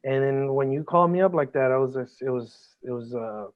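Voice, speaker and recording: A man's voice: mid-range voice, a little fast. A man as a podcast guest, talking earnestly and emotionally, swearing a lot and often restarting his sentences. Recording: band-limited phone-like audio.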